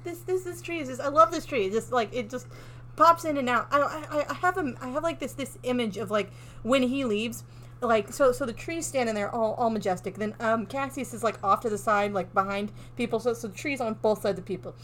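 A woman's voice: a little high, brisk, a bit bright, a little hiss or hum. A woman co-hosting a podcast in casual chat, playful and laughing, acting out characters as she tells stories. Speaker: podcast co-host.

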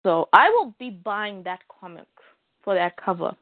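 A woman's voice: mid-range voice, very animated, normal speed, no room sound. Frank, rambling woman on a phone line. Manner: rambling, frank, many fillers. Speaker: podcast co-host. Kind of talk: casual chat about comics. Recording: dry, tinny phone-like line.

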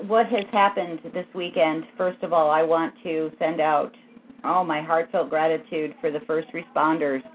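A woman's voice: low voice, a little hiss or hum. Earnest woman on a tinny phone line. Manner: halting, with frequent restarts, earnest and exhorting. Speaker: podcast co-host. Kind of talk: casual political history chat.

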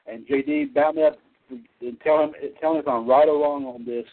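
Easygoing male show host, middle pitch, tinny phone-line sound. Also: very animated, fairly quick, creaky, slight background noise. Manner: chatty, repetitive, laughs easily. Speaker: podcast host. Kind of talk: casual chat show hosting.

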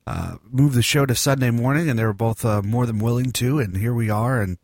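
A man's voice: mid-range voice, a little fast, darkish tone, dry recording, clean studio sound. A man hosting a casual podcast in his morning voice, rambling and joking with many fillers. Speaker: podcast host.

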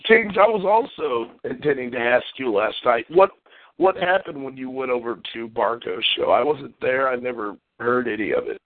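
A man's voice: mid-range voice, lively intonation, normal speed, no room sound. A man hosting a casual talk show, ranting profanely and venting. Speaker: podcast host. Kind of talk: casual chat. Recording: tinny phone line.

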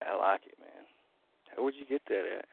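A man's voice: low-pitched, animated, moderate pace, creaky, heavy background noise. A man phoning into a community call, talking loosely and agreeably in slangy casual speech. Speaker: caller running his own call. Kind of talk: casual phone chat. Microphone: phone. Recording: thin phone line.

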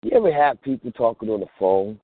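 Man hosting a call-in show, husky voice, lively swinging pitch, preachy street talk, tinny phone line. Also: brisk, no echo. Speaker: host. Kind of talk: casual call-in show monologue.

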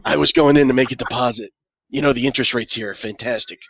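A man's voice: medium pitch, fast, vocal fry, a bit bright, a little hiss or hum. A man playing a brash male Interpol agent who is held hostage in a bank, in a tabletop game. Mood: cocky. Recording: dull, dry online call audio.

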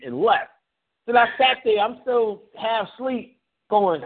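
A man telling profane, animated stories in casual chat as a radio guest. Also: high-pitched. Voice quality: animated, profane, fast-shifting delivery. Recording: phone-like radio audio.

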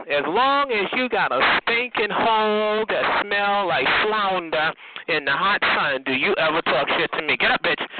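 A man hosting a community call-in show, delivering a heated, profane, taunting rant at a caller, sprinkling in "honey" and "bitch.". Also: high-pitched. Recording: noisy phone-line audio.

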